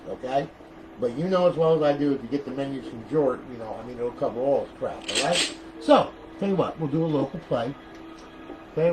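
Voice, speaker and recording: Rambling, foul-mouthed man over a noisy recording. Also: medium pitch. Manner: rambling, profane, bursts into loud trash talk at opponents. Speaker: console modder demoing a modded console. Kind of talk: casual gameplay tutorial with commentary.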